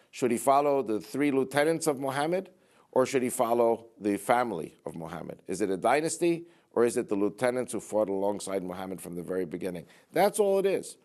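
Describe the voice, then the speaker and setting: Low-voiced man giving an emphatic speech. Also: darkish tone. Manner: emphatic, repetitive rhetorical delivery. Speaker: public speaker. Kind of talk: political speech to a church audience.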